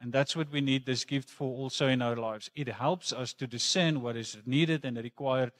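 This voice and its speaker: Man, pastor, church sermon, earnest, conversational, mid-pitched voice. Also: normal speed, fairly bright tone. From South Africa. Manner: earnest, conversational preaching with personal stories.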